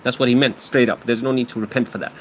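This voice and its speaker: A man's voice: medium pitch, fairly even intonation, fast talker, a little hiss or hum. A man giving brash, slangy, taunting reaction commentary on clips.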